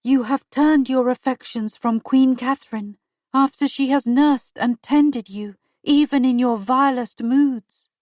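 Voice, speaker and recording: A young woman posing as a dead queen's ghost drawls her words in a hushed, wispy way, as a female reader puts her on. The voice sits fairly high, and she speaks slowly and deliberately. The sound is close and dry. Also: dry recording. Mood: accusing.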